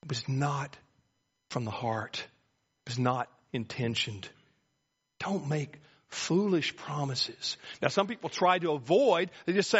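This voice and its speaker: A pastor preaching a sermon, telling folksy stories with sweeping pitch. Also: male voice, very animated, measured pace, fairly bright tone, breathy edge. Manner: folksy storytelling with dramatic pitch swings. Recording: muffled lo-fi recording.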